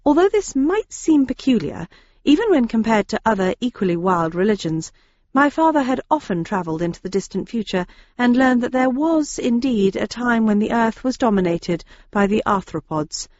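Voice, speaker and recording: A woman's voice: fairly high pitch, big pitch swings, normal speed, darkish tone, dry recording, muffled recording. A woman narrating a novel in the first person, in a dry, wry storytelling manner. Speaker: audiobook narrator.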